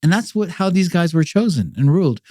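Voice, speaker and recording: Male guest with a warm, relaxed voice and a dry sound; talks loosely, with stops and restarts. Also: a little high, a little fast, dry recording. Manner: rambling, with many fillers and repeated restarts. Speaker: podcast guest. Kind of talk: casual explanatory conversation.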